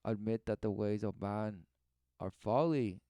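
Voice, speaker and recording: Smooth-voiced man preaching over a clip. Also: lowish voice, a little slow, warm tone, no echo. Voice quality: exhorting, emphatic preaching manner. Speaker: commentator reacting to a video. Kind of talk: preachy religious commentary.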